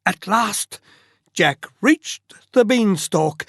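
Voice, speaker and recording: A storyteller with a mid-range voice reads a fairy tale aloud as bedtime listening practice, taking every phrase very slowly. The delivery is expressive, rising and falling in a lively, sing-song way. The recording is close and dry, with no room sound.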